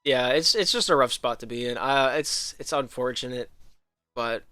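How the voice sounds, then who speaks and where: Livestream host, male, slight Southern American drift, bright, dry close sound. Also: mid-range voice, normal speed, smooth, dry recording, faint music behind. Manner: rambling, frequent ums and restarts. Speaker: league host. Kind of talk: casual livestream talk.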